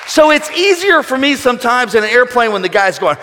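A man preaching a sermon as pastor, swinging between quiet passages and shouted calls for praise. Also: extremely high pitch, animated, moderate pace, few pauses, a faint crowd. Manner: preaching with shouted call-and-response bursts and acted quotes. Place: church sanctuary. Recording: reverberant hall with congregation.

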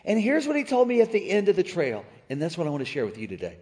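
Middle-aged male pastor with a high voice, storytelling sermon style that rallies the crowd, big hall echo. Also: quick pace. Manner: animated storytelling, calls out to the congregation. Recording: reverberant church hall.

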